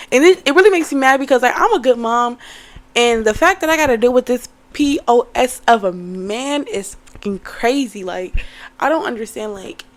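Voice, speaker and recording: A young woman telling a story in a casual vlog, animated and cursing, talking to viewers as y'all. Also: on the high side. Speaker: vlogger.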